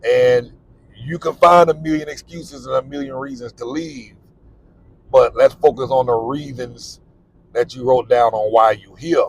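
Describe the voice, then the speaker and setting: A man's voice: mid-range voice, lively intonation, measured pace, gravelly, low-quality recording. Blunt middle-aged man vlogging. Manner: candid, repetitive, plain-spoken. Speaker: vlogger on living abroad. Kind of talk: casual advice monologue while driving. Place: in a car.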